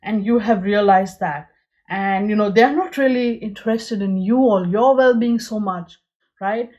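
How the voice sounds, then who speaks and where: A woman's voice: medium pitch, a little slow, a little mellow, highs cut off. A woman giving a pick-a-card tarot reading, speaking earnestly and straight to her viewers, with many "you know"s.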